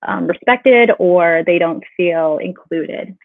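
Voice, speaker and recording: A woman's voice: on the low side, takes it slowly, gravelly, no echo. Woman guest on a tinny phone line. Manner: conversational, many fillers like "you know". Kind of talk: casual interview.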